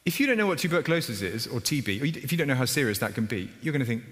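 A male pastor giving a conversational sermon, with lively emphasis and wry asides. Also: medium pitch, very fast, few pauses. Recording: reverberant hall with faint ambience.

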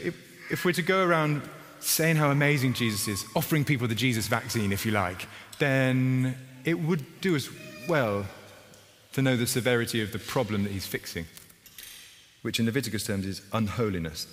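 A male pastor giving a conversational sermon, with lively emphasis and wry asides. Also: medium pitch, a little fast, faint music behind. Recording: reverberant hall with faint ambience.

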